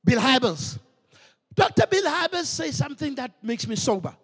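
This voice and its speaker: A male pastor delivers an emphatic sermon in a very high voice, mixing Sesotho and English. He drives each point home with strong emphasis. His voice hangs in the long reverb of a church hall. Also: sing-song, normal speed.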